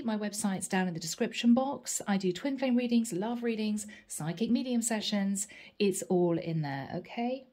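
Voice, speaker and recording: A woman's voice: a little high, warm tone. A woman giving a chatty channeled tarot reading, thinking aloud and tentative. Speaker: psychic tarot reader.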